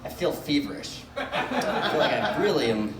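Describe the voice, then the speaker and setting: A man's voice: on the high side, sing-song, normal speed, a loud crowd. A man hosting a stand-up comedy show, self-deprecating and laughing between lines, recorded in a club. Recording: echoey club from a distance, audience.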